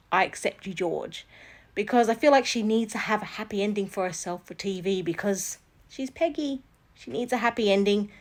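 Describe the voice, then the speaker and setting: A woman giving casual reaction commentary, speculating about a show's outcome. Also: fairly high pitch.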